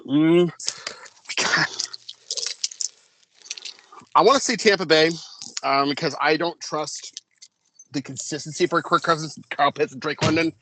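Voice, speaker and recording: A man's voice: fairly high pitch, measured pace, long pauses, noisy background. A man co-hosting a casual sports podcast, blunt and bantering, with some swearing. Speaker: podcast co-host.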